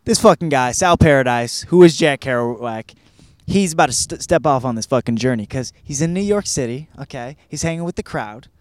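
A man's voice: mid-range voice, expressive, brisk. A man in his thirties from Michigan, hosting a podcast and reviewing a book in a rambling, profane, self-deprecating monologue. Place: California.

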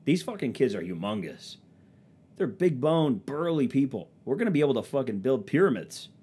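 A man's voice: mid-range voice, big pitch swings, normal speed, mellow, husky. A young man with a stuffy nose from allergies, rambling through a sarcastic, profanity-laced comedic monologue. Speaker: vlogger.

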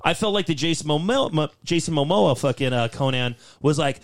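Excitable high-voiced man, fast talker. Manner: animated, excitable, profane. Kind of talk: casual podcast chat.

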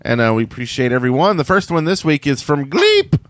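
A man co-hosting a podcast, joking with guests and quickly reading sponsor plugs. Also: fairly high pitch, huge pitch swings, no room sound, studio quality. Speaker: podcast co-host. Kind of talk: casual podcast chat, sponsor reads.

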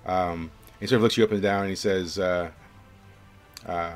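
A man's voice: sits low, steady tone, normal speed, soft background music. A young man narrating as game master of a tabletop game, rambling with lots of fillers.

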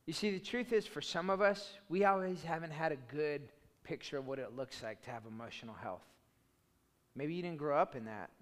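A pastor preaching a sermon, passionate and fired up, swinging from loud bursts to soft, low asides. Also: male voice, fairly quick, in a large hall.

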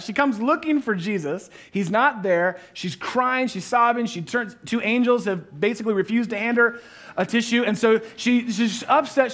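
High-voiced man preaching an animated sermon. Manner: animated storytelling with playful asides, dropping to a hushed tone for reflection. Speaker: pastor.

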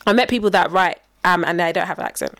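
A young woman co-hosting a casual chat, animated and mock-outraged, laughing often. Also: lowish voice, fast talker, no echo, studio quality. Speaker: podcast co-host.

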